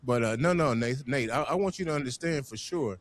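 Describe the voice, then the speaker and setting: A man hosting a community podcast, talking in an animated, emphatic way and often repeating words as he gets going. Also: mid-range voice, fairly quick. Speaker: podcast host. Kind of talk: casual panel conversation.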